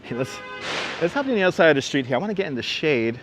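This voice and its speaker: A man's voice: a little high, sing-song, racing, music in the background. A man hosting a live stream as he walks through city streets, chatting and greeting viewers by name while reading the chat aloud. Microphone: wireless clip-on mic. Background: faint street and traffic noise.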